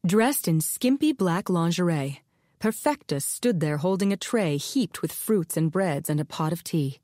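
Reading scripted audiobook narration, a woman speaks in a low-leaning voice with measured expressiveness. The sound is clean studio audio with no echo.

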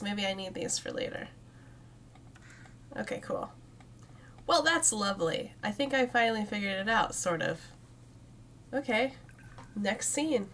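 A young woman with a slightly high, sharp voice streams a cozy game, chatting casually, talking to the plants, and giggling often as she plays. A bit of hiss or hum sits in the recording.

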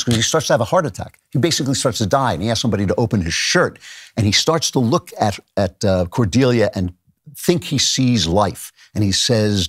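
A man with a low voice hosts his own podcast and talks through a long lecture-style monologue. He reads out quoted verse and lets his delivery build in intensity. The recording is dry and close, with no room sound. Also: animated, fairly quick, fairly bright tone, husky, dry recording. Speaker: podcast host. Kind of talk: monologue on literature.

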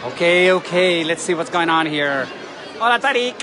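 A high-pitched man at a moderate pace excitedly narrates a live travel vlog from an outdoor city balcony above a parade street. His delivery is gushing and chatty, set against loud crowd and street noise, cheering and church bells.

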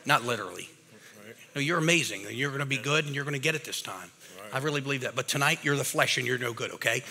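A man preaching a lively, casual sermon to a live audience, talking like a regular guy and calling people bro and man. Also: medium pitch, rapid-fire. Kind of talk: energetic recovery-ministry sermon. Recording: reverberant hall.

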